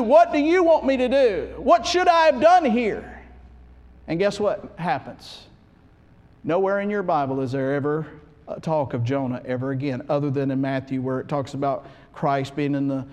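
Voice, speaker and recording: A man preaching a sermon in a church, swinging from hushed to loud and often restarting his sentences. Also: a little high, in a large hall. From United States. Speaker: pastor.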